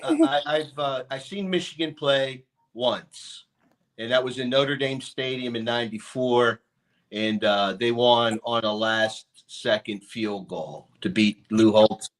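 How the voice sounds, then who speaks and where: A man's voice: medium pitch, a little slow, low-quality recording. A man in his fifties, a guest on a call-in show, telling a rambling story and repeating his words as he goes. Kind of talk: casual storytelling.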